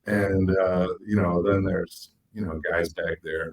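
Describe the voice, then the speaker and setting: A man with a low, husky voice tells stories on a podcast. He is animated and acts out what people said, his voice leaping high for the quoted bits. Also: unhurried, few pauses, low-quality recording. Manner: animated storyteller, acts out quotes with big pitch jumps. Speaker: podcast co-host. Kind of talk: casual storytelling chat.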